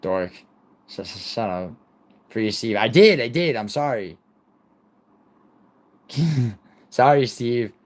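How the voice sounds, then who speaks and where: A man's voice: mid-range voice, lively intonation, takes it slowly, pauses often. A man in his twenties hosting a livestream, rambling casually and profanely while he answers his chat and apologizes to moderators. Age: 20s. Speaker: livestream host.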